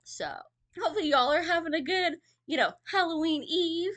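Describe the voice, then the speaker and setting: Female storyteller, casual read-aloud with chatty asides, animated delivery. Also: very high voice, normal speed. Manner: chatty asides between reading.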